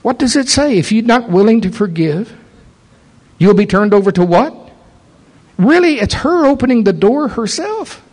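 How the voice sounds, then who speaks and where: Man, preacher, animated storytelling sermon, slightly high voice. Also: normal speed, low-quality recording.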